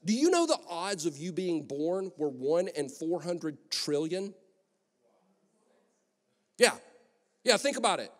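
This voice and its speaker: Energetic high-voiced male preacher, echoing hall. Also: takes it slowly, long pauses. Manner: energetic, conversational, joking asides. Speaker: pastor. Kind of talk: lively sermon. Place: large church hall. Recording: long echo of a church hall.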